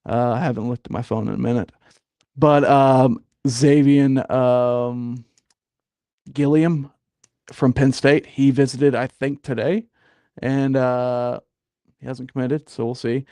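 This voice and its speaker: A man's voice: medium pitch, fairly even intonation, slow, dark tone, dry recording. Podcast guy talking football, rambly, lots of ums, gets heated, dry close mic. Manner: rambling, frequent fillers, gets fired up. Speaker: podcast host. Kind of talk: casual sports talk.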